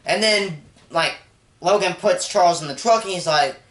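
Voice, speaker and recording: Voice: mid-range voice, normal speed, fairly bright tone, echoey room. A movie reviewer recapping a film in a rambling, casual way, full of "like" and openly emotional about the story.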